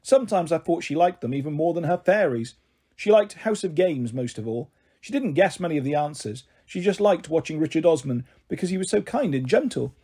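A man reading a children's book aloud in an expressive way. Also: a little high, a little fast, breathy edge. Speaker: storyteller.

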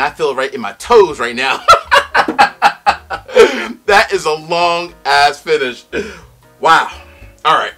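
A man giving a casual, excitable whiskey tasting review, loud exclamations, teary-eyed from a strong pour. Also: medium pitch.

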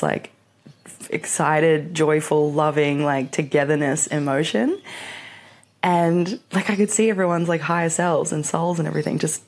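A woman hosting a solo podcast, speaking in a low, gravelly register with plenty of fry. She tells stories casually and chattily, with lots of fillers. She acts out her own reactions as she goes. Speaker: podcast host.

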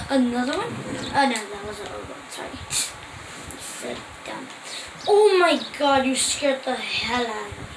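A young female gamer giving casual commentary over gameplay, excitable and prone to gasping and exclaiming at her finds. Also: fairly high pitch, unhurried. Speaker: gaming video creator. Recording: roomy echo with clear background noise.

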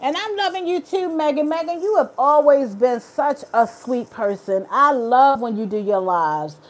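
A woman's voice: high-pitched, lively intonation, normal speed. A woman hosts a casual live stream. She reads out viewers' comments and answers them directly, earnest and encouraging.

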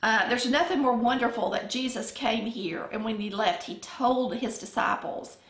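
Middle-aged Southern woman, relaxed Bible-study teacher, gravelly tone, echoey room sound. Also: a little high. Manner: conversational, unhurried, frequent ums. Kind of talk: casual Bible lesson.

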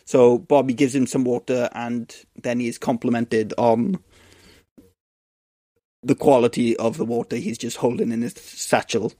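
A man's voice: mid-range voice, fairly even intonation, a little slow, mellow, no room sound. A man co-hosting a podcast, casually recapping a film with restarts and laughs. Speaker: podcast co-host. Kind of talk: casual movie-recap chat.

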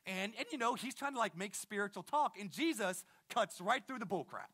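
Bright-voiced energetic male preacher. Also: high voice, a little fast, few pauses, husky. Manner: casual, energetic preaching with slang and repeated restarts. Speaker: pastor. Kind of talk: sermon.

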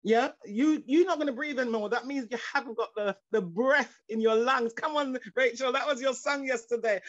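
A high-pitched woman preaching with fervour, her words tumbling out in restarts and repetitions before rising into cries of praise. She comes through a dull, lo-fi video call line. The sound is dry and close, with no room around it. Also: moderate pace, few pauses, dry recording. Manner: fervent, repetitive, stumbling restarts, rising into exclamations. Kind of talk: sermon.

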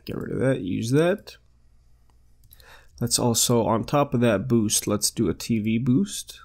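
This is a young man giving relaxed, chatty commentary over a management game he is playing. He talks through each step out loud in an upbeat way, at a middle-of-the-road pitch, into a desktop microphone. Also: unhurried, creaky. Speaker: let's play host. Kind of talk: casual gameplay commentary.

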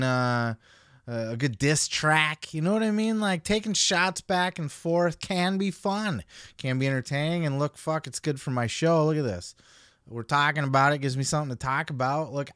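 A man's voice: fairly high pitch, fairly bright tone, no echo, clean studio sound. A man hosting a podcast, giving casual commentary in a blunt, heavily profane way. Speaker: podcast host.

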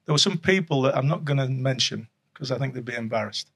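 Gravelly, husky man. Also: mid-range voice, quick pace, a bit bright. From Yorkshire, England. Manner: rambling, chuckling storyteller with many restarts. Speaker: guest, former rugby league coach and official. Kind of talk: casual podcast chat.

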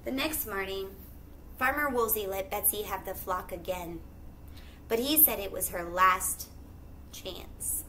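A woman teacher reading a picture book aloud to children, pausing to ask them questions. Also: medium pitch, a bit bright, slight background noise. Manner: pauses to ask listeners questions.

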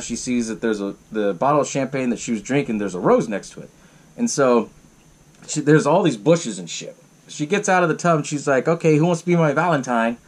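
Male podcast host, mid-pitched, casual and swearing, chatty recap delivery. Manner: loose and profane, lots of fillers.

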